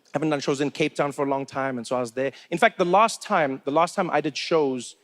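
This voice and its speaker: A man's voice: a little high, quick pace, fairly bright tone. A South African man doing stand-up, telling a story in a chatty, conversational way with many asides, on a comedy club stage into a handheld mic.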